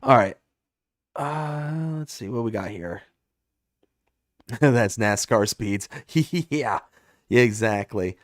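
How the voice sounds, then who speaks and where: A man hosting a casual live gaming stream, telling stories with animated reactions and answering viewer chat. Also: lowish voice, takes it slowly, pauses often.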